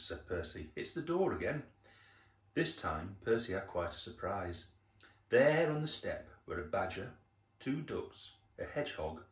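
An older man reading a picture book aloud to children, unhurried, with chatty asides about the pictures. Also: fairly low pitch. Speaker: storyteller. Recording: roomy echo.

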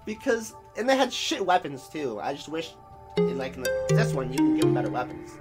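A man's voice: fairly high pitch, very animated, brisk, faint music behind. A man hosting a gaming channel, giving let's-play commentary and swearing in frustration at the game. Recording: game gunfire under the voice.

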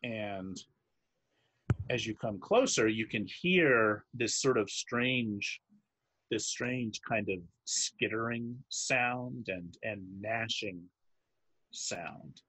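Brief: male dungeon master, slow drawl, halting scene narration, dry close sound. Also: fairly low pitch, a bit bright, husky, no echo. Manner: halting, searching for words while describing. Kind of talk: narrating a tabletop game.

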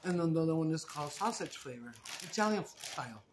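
A woman chats casually with her viewers, her voice hoarse and rough from a bad cold. She talks in an easygoing way and keeps switching between English and Spanish. There is a faint hiss behind her. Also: deep voice, expressive, fast talker. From Texas. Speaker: mukbang live-stream host.

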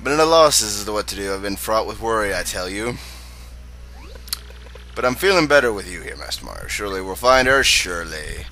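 A man's voice: on the low side, lively intonation, brisk, pushed and bright, a little hiss or hum, poor audio. A man voicing a fussy, posh old male servant in a video game, rambling and self-deprecating. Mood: fretful.

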